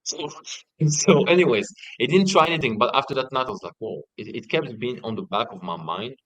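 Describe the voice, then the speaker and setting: A young man in a casual interview, telling stories in an animated way and swearing often. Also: mid-range voice, a little fast, no echo, poor audio. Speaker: guest.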